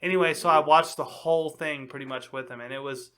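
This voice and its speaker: A man holds the floor on a laid-back podcast, winding through a story with plenty of filler and cursing. His voice sits a little high and has a bright, forceful edge. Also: fairly even intonation, quick pace, clean tone. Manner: rambling, profane storytelling. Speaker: podcast co-host. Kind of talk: casual chat.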